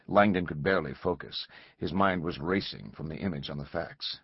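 A man reading an audiobook in a measured, dramatic scripted narration, in a slightly dull recording. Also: a bass voice, slightly rough, dry recording.

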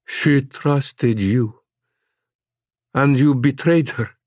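A man's voice: medium pitch, level tone, dark tone, dry recording, clean studio sound, pitched above the performer's own voice. A man doing a hollow-voiced clay monster. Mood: menacing. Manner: slow hollow menacing. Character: hateful clay-masked male monster, cold, Slavic-tinged.

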